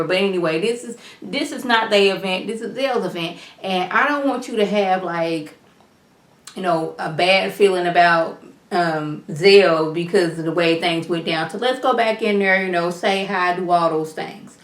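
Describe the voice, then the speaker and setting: Fast-chatting woman recapping in a roomy room. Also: on the low side, lively intonation, a bit bright. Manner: chatty, retells scenes with quoted dialogue; talks fast at times. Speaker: reality TV reviewer. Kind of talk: casual episode recap. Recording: roomy echo.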